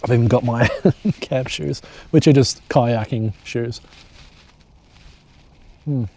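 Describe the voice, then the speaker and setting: A man's voice: medium pitch, takes it slowly, mellow. A young man chatting casually to camera at a bush campsite, joking and swearing now and then as he films his overnight hike. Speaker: hiking vlogger. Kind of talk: casual solo vlog to camera.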